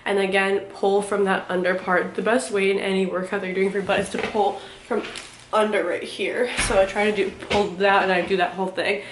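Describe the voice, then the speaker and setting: A young woman talks casually to her viewers, rambling and stopping to restart her sentences, filling gaps with little hesitations. She sounds a little out of breath. Her voice sits at a middle pitch and rings in an echoey room. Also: little pitch movement, slight background noise. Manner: rambling, halting, filler-heavy. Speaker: vlogger. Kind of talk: casual chat.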